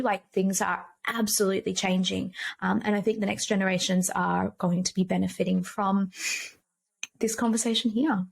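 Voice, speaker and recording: A woman guest on a podcast speaks as a coach, earnest and emphatic as she explains her views. Her voice has an average pitch for a woman. The delivery is conversational but driven by conviction. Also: creaky. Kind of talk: casual interview chat.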